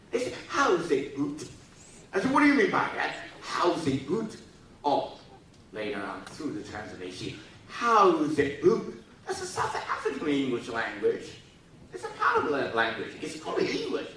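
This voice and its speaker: A man lectures students with big swoops of pitch, jumping from high squeaks to low murmurs as he acts out quick exchanges. He sits well back from the microphone, so his voice comes through a boomy, reverberant hall. Now and then he prods the room to laugh along. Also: a little hiss or hum. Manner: animated, acts out dialogues in funny voices; coaxes the audience to laugh and repeat. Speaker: forum speaker. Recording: echoey hall, voice from far off.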